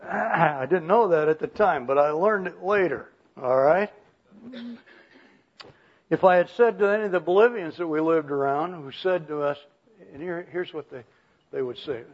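An older man preaching a sermon in a folksy way, chuckling and often clearing his throat. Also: a little high, moderate pace. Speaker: pastor. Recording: muffled lo-fi recording.

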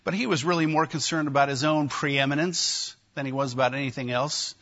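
A man preaching a sermon, emphatic and animated, with wry asides to his listeners. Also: mid-range voice, a little fast, lo-fi sound. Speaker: pastor.

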